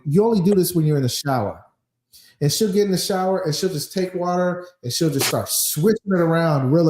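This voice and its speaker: A man's voice: a little high, roomy sound. A man hosting a podcast in casual chat, telling stories with lots of swearing and acting out the quotes himself. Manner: animated storyteller, acts out quotes, swears freely. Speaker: podcast host.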